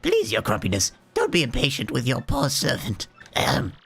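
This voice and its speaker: A hoarse man voicing a fawning old female witch servant who talks in a simpering, overly polite way. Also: medium pitch, wildly swooping pitch, normal speed, fairly bright tone, pitched above the performer's own voice, heavily acted.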